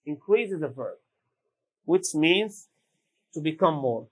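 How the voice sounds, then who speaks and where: A man teaches English vocabulary in a slow, measured classroom style. His voice sits a little high for a man, and he says each word again and again with care. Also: expressive, low-quality recording. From Sudan. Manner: repeats each word slowly and deliberately.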